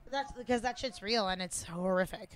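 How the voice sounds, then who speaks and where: A young woman co-hosting a casual podcast, reacting to a movie as it plays, swearing freely and jumping in with quick remarks. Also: medium pitch. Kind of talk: casual movie watch-along chat.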